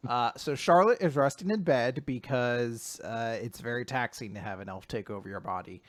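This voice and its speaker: A man's voice: medium pitch, moderate pace, no echo. Dry-voiced man recapping comics. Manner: animated retelling, acts out lines, frequent fillers. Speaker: podcast co-host. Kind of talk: casual chat recapping comics.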